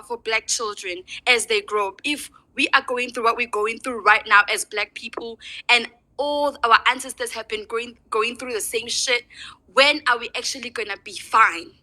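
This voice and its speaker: A woman's voice: on the high side, pushed and bright, low-quality recording. A woman giving an impassioned, angry personal testimony in an online audio discussion, asking rhetorical questions.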